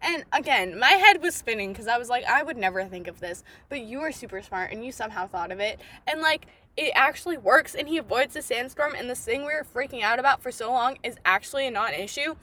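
Bright, excitable young woman podcaster. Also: on the high side, fairly quick, few pauses. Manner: excitable, swears freely, lots of "like". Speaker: podcast host. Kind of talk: casual solo book review.

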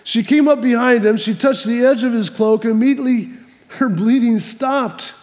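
A man's voice: very high-pitched, normal speed, a little mellow, long reverb tail. A man preaching a sermon, telling a folksy joke before reading scripture, with many restarts and repeats. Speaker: pastor.

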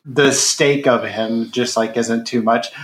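A man's voice: mid-range voice, fairly even intonation, slow pace, a bit bright, a little hiss or hum. A man co-hosting a casual podcast, talking hesitantly with many restarts and fillers. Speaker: podcast co-host. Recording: roomy echo.

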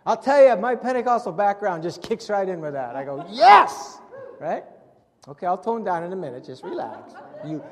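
A man preaching a sermon in an animated way, acting out scenes from the Gospels in different voices. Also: high voice, brisk. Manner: animated, acts out Bible scenes with shifting voices. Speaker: pastor. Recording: long hall reverb.

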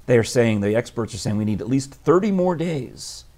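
A man's voice: mid-range voice, lively intonation, moderate pace, a little mellow. Man, scratchy throat, rambling, casual co-host chat, laughs often. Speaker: radio show co-host. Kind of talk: casual morning-show chat.

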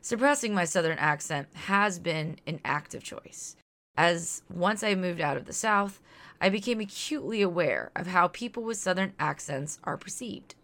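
A woman from Louisiana reads her podcast script aloud with a low, deep voice. She sounds earnest, reflective and outspoken, like a host sharing personal thoughts with her listeners. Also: expressive, normal speed, a bit bright. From Louisiana, near New Orleans.

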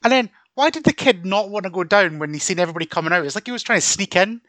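Northern english man, blunt and sweary, fairly high voice, dry close sound, casual film chat. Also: lively intonation, very fast, fairly bright tone, no room sound. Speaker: podcast co-host.

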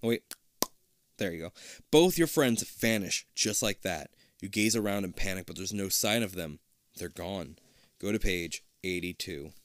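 A man's voice: deep voice, expressive, measured pace, no echo. A man reading a choose-your-own-adventure book aloud casually, swearing and joking between passages. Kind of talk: casual comedic read-aloud.

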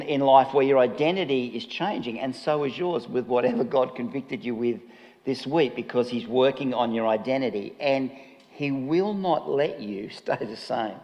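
A man's voice: mid-range voice, darkish tone, dull audio. A man preaching a chatty, humorous sermon, often laughing at himself. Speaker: pastor. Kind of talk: conversational sermon. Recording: long reverb of a large hall.

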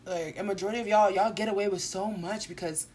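A woman's voice: mid-range voice, steady tone, quick pace, a little mellow. A young woman co-hosting a casual chat, ranting sarcastically in heavy slang.

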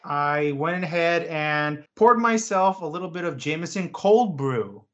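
A young man co-hosts a casual podcast, speaking in a fairly high, expressive voice at a measured pace over dull audio. He's easygoing and chatty, with lots of "um"s and other fillers.

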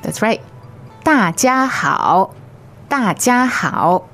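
A woman modelling phrases slowly and clearly as a co-teacher in a podcast lesson. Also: fairly high pitch, sing-song, fairly bright tone, faint music behind. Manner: slow, clearly enunciated. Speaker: language teacher. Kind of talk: slow model pronunciation.

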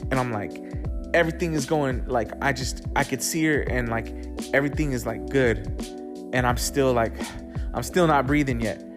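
A man telling a personal story in a loose, casual way, swearing often and filling pauses with "like" and restarts. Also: medium pitch. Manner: loose and profane, with frequent "like" fillers and restarts. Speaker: storyteller recounting his own experience. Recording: clear music playing under the voice. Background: music.

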